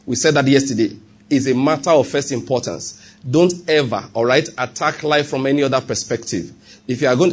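A man's voice: mid-range voice, a little mellow, slightly rough. A man preaching a sermon as pastor, repeating his points and checking in with the congregation.

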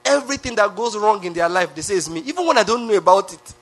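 A preacher playing a sulky, self-pitying Satan. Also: male voice, sits high, lively intonation, quick pace, a bit bright, full character voice. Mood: complaining.

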